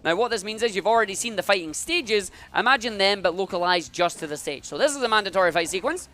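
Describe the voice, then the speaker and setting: A man's voice: high-pitched, animated, fast, pushed and bright. A man giving upbeat live commentary as he speedruns, talking through each move as he plays.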